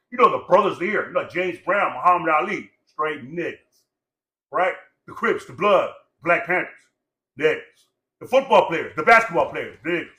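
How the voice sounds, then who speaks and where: A man's voice: a little high, bright, forceful tone, echoey room. A man of Samoan heritage born in Los Angeles, ranting in profane, repetitive, preachy casual talk. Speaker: podcast guest.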